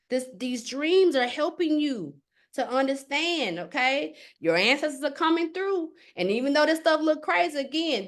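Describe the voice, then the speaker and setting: Casting: high-pitched woman, spiritual teacher, animated casual delivery on a computer mic. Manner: animated, conversational, often asks "okay?". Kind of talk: live online class, casual teaching.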